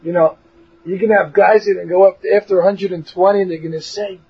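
Husky animated man teaching a Torah lesson. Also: high voice, fast. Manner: lively, mixes Hebrew and English, acts out voices, laughs. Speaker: rabbi teaching a class. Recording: dull lo-fi recording.

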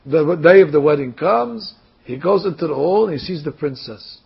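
A man preaching a sermon through a parable, telling the story with fillers and an animated manner. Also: a little high, moderate pace, vocal fry, slight background noise. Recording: dull lo-fi recording.

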